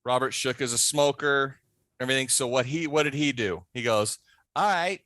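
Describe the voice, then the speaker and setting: A man in a casual podcast interview, telling a backstage prank story with animated delivery and acting out the other people's voices. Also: mid-range voice, a little fast, no echo. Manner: animated, acts out voices in his stories. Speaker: podcast guest, haunt scare actor.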